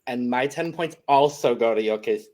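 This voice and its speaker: Man, podcast co-host, casual chat, chatty, quick laughs, mid-pitched voice. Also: a little mellow. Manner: chatty, laughs often, wraps up the show.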